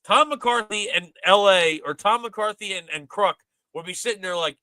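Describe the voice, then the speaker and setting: High bright-voiced man ranting casually. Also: normal speed, few pauses, soft background music, poor audio. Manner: animated, exasperated ranting. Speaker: podcast host. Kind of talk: casual sports chat.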